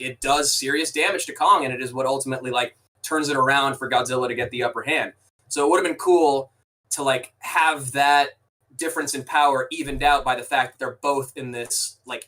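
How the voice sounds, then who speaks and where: A podcast co-host chats casually about a film, his medium-pitched voice sharp in tone and captured far from the mic on a rough recording. His sentences ramble and restart, with the occasional swear.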